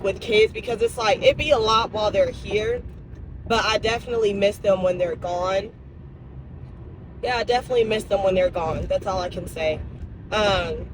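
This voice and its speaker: A young woman vlogging from her car, chatting casually and emotionally to her viewers. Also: medium pitch. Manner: chatty, emotional and animated, addresses viewers as y'all. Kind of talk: casual chat. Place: in a car on a drive-thru run. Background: vehicle noise.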